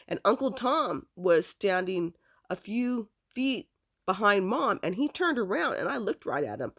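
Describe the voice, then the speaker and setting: Middle-aged woman with a creaky, gravelly voice recounting a personal family memory in loose, rambling speech. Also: fairly low pitch, expressive, moderate pace. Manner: rambling, repeats "I said" as she recounts dialogue. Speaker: adopted daughter telling her family history. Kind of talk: casual spoken family story.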